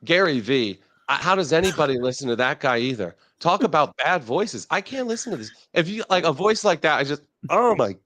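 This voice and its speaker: A man hosting a live stock market show, talking in brash, profane, excitable trader banter. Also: on the high side, brisk, few pauses, dry recording. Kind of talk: casual market chat.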